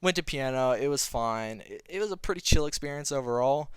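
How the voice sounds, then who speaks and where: A man's voice: medium pitch, lively intonation, fairly quick, a bit bright, clear, resonant tone, no echo. A young man vlogging, casually telling a rambling story with lots of swearing and a laid-back delivery.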